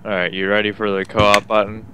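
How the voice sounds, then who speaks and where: A young man chatting while playing a co-op game, teasing with dry, quick comebacks. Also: on the low side, little pitch movement, noisy background. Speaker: co-op gaming partner. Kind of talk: casual gameplay chat.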